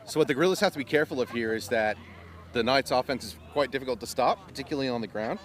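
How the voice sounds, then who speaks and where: A man's voice: medium pitch, very fast. A man giving casual live commentary on a local football game outdoors, explaining the rules as he goes. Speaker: play-by-play commentator. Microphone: live stream mic.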